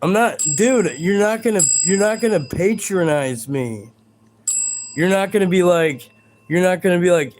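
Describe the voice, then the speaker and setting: A man's voice: sits high, normal speed, a little mellow, slight background noise. A man hosting a live stream, talking to his chat in a combative, profane, ranting way.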